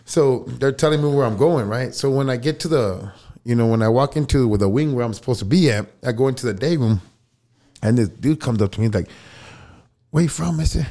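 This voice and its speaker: A man's voice: medium pitch, brisk, dark tone. A man, a podcast guest telling a long story in casual, profane, laughing talk. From El Paso, Texas. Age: 40s.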